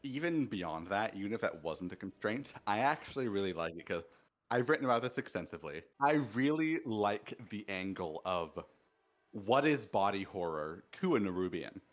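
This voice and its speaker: Man, casual gaming chat, lowish voice, analytical, dull lo-fi mic. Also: very animated, moderate pace. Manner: thoughtful, analytical. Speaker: co-host.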